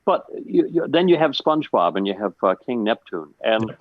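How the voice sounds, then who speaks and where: A man voice actor telling stories on a video call panel, halting with fillers. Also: lowish voice, very animated, no room sound, narrow, tinny audio. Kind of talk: casual panel chat.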